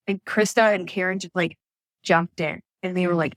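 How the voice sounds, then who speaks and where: Woman, 30s, animated guest storyteller, dry close podcast sound. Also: on the low side, moderate pace, no room sound. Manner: animated storytelling, acts out quotes, laughs often. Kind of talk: telling her birth story. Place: Atlanta area.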